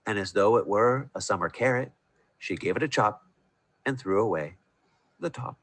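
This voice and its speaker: A man reading a rhyming Christmas picture book aloud in a sing-song, expressive way over a video call. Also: on the low side, normal speed, breathy edge, dry recording. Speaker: storyteller.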